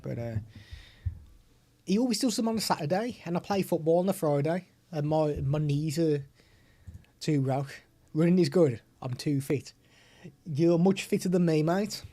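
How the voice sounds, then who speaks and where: Chatty tech vlogger, mellow tone, desk mic. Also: male voice, on the high side, moderate pace, long pauses. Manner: chatty, hands-on explaining. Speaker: tech reviewer. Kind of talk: product demo vlog. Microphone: desktop USB/XLR microphone.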